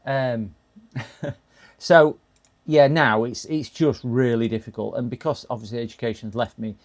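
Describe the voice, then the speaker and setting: A man in middle age talks to his live chat as he fixes a computer, his voice mid-pitched with a gravelly, creaky edge. He rambles easily and stumbles into restarts, breaking off now and then to laugh. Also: steady tone, measured pace. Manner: chatty, talks to chat while working, frequent restarts and laughs. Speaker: live-stream repair streamer. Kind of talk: casual live-stream chat.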